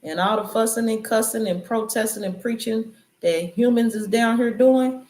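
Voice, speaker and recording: A woman's voice: on the high side, normal speed, darkish tone. Woman preaching casually in an echoey room. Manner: loose, conversational, preachy riffs. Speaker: channel host. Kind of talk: casual spiritual commentary.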